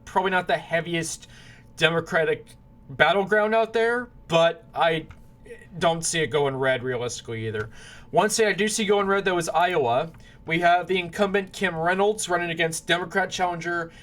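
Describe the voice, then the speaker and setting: Guy rambling thru his picks, slightly high voice, keeps saying sorry when he flubs names. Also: a bit bright. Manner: rambling, self-correcting, apologetic over names. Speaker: political commentator. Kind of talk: casual predictions monologue.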